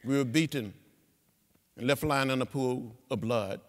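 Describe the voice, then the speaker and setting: A man, giving an inspirational speech in a rhythmic, preacher-like cadence with repeated phrases that swell to loud peaks. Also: medium pitch, unhurried. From Alabama. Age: 70s. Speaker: guest speaker. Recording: long reverb of a big hall.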